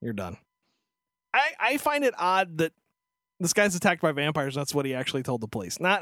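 A man's voice: a little high, very animated, moderate pace, pushed and bright, no echo, studio quality. A man co-hosting a casual podcast, ranting sarcastically and swearing freely. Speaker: podcast co-host. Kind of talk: casual chat.

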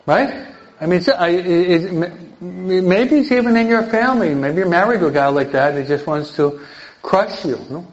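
Emphatic older priest, lo-fi recording. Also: male voice, sits high, moderate pace, faint music behind. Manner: emphatic, keeps checking in with listeners. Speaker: priest teaching an adult catechism class. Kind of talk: lively sermon-style teaching to a live audience. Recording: dull lo-fi recording.

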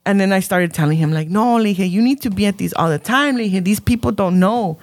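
A woman's voice: mid-range voice, quick pace, dry recording. A woman, telling a story in casual chat and switching between English and as she acts out what people said. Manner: animated storytelling, switching between English and Spanish, acting out quotes.

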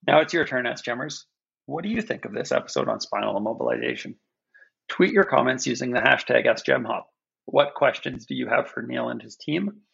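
A doctor on a podcast, a man explaining medical points in a measured, careful way. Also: mid-range voice, big pitch swings, vocal fry, fairly bright tone, husky. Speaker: emergency physician guest. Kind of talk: podcast discussion. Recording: dull, lo-fi sound.

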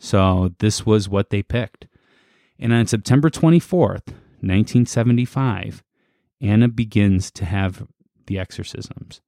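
A man co-hosting a casual podcast chat, relaxed and halting as he reads from his notes. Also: fairly low pitch, creaky, no echo, studio quality. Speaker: podcast co-host.

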